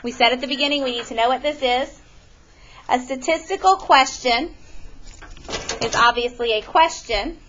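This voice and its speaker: A woman teaching a math lesson to a classroom, animated and often questioning her students. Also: sits high, normal speed, pauses often, dull audio, a little hiss or hum.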